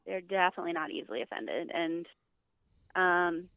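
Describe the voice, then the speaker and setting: A woman's voice: on the low side, normal speed, clean tone, no room sound. A woman guest chatting casually on a podcast, talking in loose bursts with many fillers and restarts. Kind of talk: casual chat. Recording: tinny phone-line audio.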